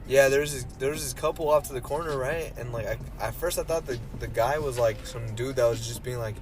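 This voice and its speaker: A man's voice: medium pitch, a little fast, faint music behind. A young man co-hosting a podcast, telling a long rambling story in casual chat, full of fillers and swearing. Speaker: podcast co-host.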